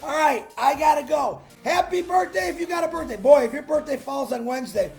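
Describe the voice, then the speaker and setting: A man hosts a solo livestream, pumping up his viewers with an excited, salesy pep talk that breaks into shouts. His voice sits very high and has a gravelly rasp. He talks into a laptop mic with faint music playing behind him. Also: a little fast. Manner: greets viewers by name from the chat. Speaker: livestream host.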